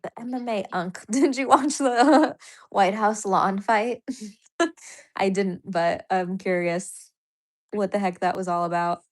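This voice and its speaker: A woman's voice: medium pitch, takes it slowly. Chatty woman hosting a live stream. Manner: chatty, reads viewer comments aloud, laughs often. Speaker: livestream host. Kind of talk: casual live-stream chat.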